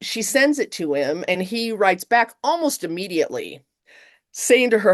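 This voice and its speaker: A middle-aged woman professor chatting in an interview, lively and expressive, acting out quotes with big jumps in her voice. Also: moderate pace, dry recording, studio quality. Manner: animated, acts out quotes with big pitch jumps. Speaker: guest professor. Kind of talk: casual interview chat.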